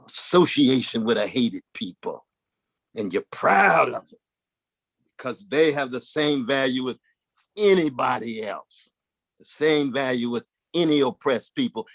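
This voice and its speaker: A man's voice: a bit bright, no room sound. A man giving an impassioned public talk, preacherly and rhythmic, mixing dramatic swells with folksy conversational asides. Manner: preacherly, rhythmic, with dramatic swings in pitch and volume. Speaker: guest speaker.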